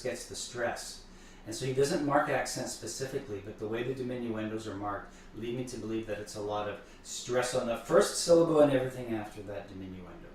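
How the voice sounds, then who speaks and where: A man's voice: mid-range voice, darkish tone, a little hiss or hum. A man talking through piano pieces as a teacher, thoughtful and restarting words as he explains. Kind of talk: explaining piano repertoire between playing. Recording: echoey room, voice far from the mic.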